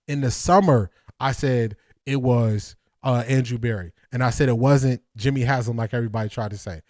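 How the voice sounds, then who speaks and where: A man's voice: medium pitch, a little mellow, no room sound, studio quality. A man hosting a football breakdown livestream, talking energetically and emphatically, repeating lines and laughing often. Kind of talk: casual livestream commentary.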